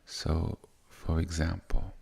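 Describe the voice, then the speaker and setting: A man giving soft-spoken, unhurried spiritual teaching, often restarting his sentences. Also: sits low, little pitch movement, gravelly, breathy edge.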